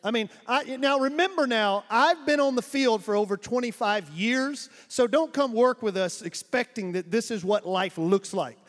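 High-voiced man preaching in an echoey hall. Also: moderate pace, hardly any pauses. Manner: animated, laughing storyteller with sound effects. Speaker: missionary preacher. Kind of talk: storytelling sermon. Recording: echoey hall with long reverb.

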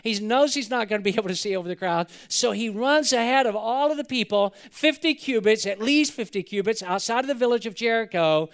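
A man preaching a sermon, animated, swinging from loud emphatic bursts down to quiet, hushed lines. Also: sits high, fairly quick, few pauses, clean tone. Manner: acts out the people in the story in quoted voices. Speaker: pastor.

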